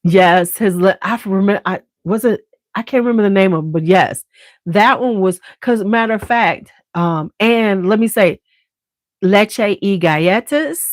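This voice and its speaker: A woman's voice: medium pitch, measured pace, dry recording. A woman hosting a beauty channel in a casual livestream chat at home. She talks straight to viewers, swears freely, and wears a clip-on mic.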